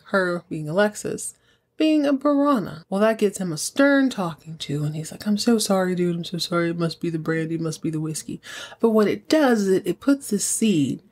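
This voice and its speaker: A woman's voice: fairly low pitch, a little mellow. A woman hosting a podcast, casually recapping a soap opera episode and acting out characters' lines in playful voices. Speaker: podcast host.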